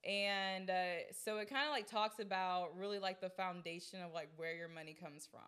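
A woman's voice: lowish voice, normal speed, a bit bright, clean tone. Young woman cohost, chatty, lots of likes and ums, giggles a lot. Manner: filler-heavy, giggly. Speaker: podcast co-host. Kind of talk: casual chat.

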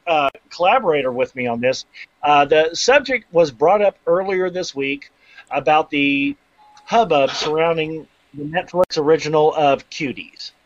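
A man hosting a segment on a casual podcast, joking around and then explaining at length. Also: fairly high pitch. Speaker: segment host. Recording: dull lo-fi sound.

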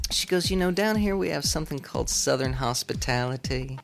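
A man from Boston, a radio reporter, telling a long anecdote in a casual, lively way and acting out other people's lines in a higher voice. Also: quick pace, creaky, soft background music. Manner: animated, acts out quoted voices in falsetto. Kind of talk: storytelling anecdote.

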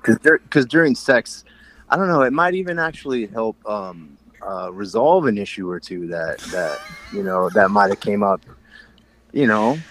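A man's voice: lowish voice, expressive, normal speed, a bit bright. A man co-hosting a casual podcast chat, talking frankly and rambling with frequent laughs. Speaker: podcast co-host.

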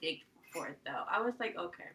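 Woman cohost, bright high voice, blunt and playful, jumps into the chat. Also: big pitch swings, fairly quick. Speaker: podcast co-host. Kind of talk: casual TV recap chat.

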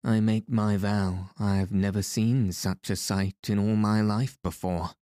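A man's voice: on the low side, fairly even intonation, measured pace, mellow, no echo, clean studio sound, natural voice. A man voicing a merry, bold male outlaw hero who speaks in playful, mock-courtly old-fashioned phrases in a storybook reading. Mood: friendly.

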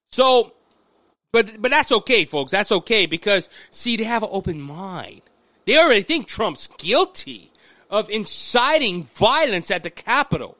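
A man from Louisiana with a Southern accent, hosting casual political commentary in an animated, rambling way with frequent restarts. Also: high-pitched, no room sound.

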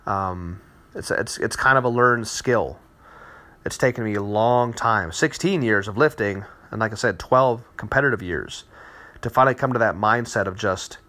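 Candid lower-voiced man in his thirties. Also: moderate pace. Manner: relaxed and candid, with frequent fillers and repeated words. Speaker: competitive powerlifter. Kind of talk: casual spoken account.

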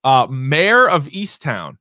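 Chatting casually about entertainment news, this male podcast co-host rambles and occasionally swears. He speaks slowly but is very animated, with a fairly high pitch and sharp tone, in a clean studio recording with no room sound.

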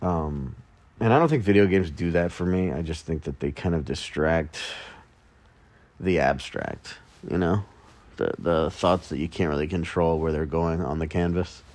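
A man's voice: sits low, moderate pace, darkish tone. A man hosting a solo podcast, rambling casually and mocking himself with jokey asides in the early morning. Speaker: podcast host.

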